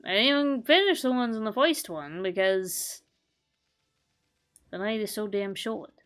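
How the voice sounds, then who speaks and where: A woman's voice: mid-range voice, measured pace, fairly bright tone, soft background music. A woman hosting a gaming channel, chatting casually through a let's play, teasing and self-mocking, with frequent swearing.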